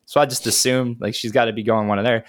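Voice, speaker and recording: A man's voice: medium pitch, flat delivery, fast talker. A man in his thirties telling stories in a casual, laid-back chat, swearing freely and chuckling as he goes. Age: 30s.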